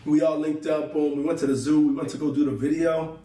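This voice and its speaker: A young man tells a long personal story in loose, slangy talk, acting out what he and his friend said to each other. His voice is mellow and dark rather than bright. The recording sounds roomy, with him sitting a little back from the mic. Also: on the high side, steady tone, brisk, far from the mic. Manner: loose slangy storytelling, acts out both sides of conversations. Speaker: vlogger telling a story. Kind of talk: casual storytelling to camera.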